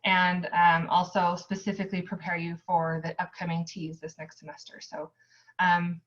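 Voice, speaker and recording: A woman's voice: lowish voice, flat delivery, moderate pace, a bit bright, highs cut off. A young American woman giving a casual recorded lecture as a nursing student tutor, chatty and upbeat with lots of ums.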